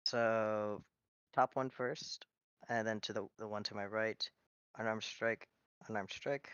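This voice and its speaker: A man's voice: fairly low pitch, steady tone, measured pace, a bit bright, clear, resonant tone, no echo, muffled recording. A man playing a tabletop game, working out his turn aloud with some hesitation. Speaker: player. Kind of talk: tabletop game play, casual.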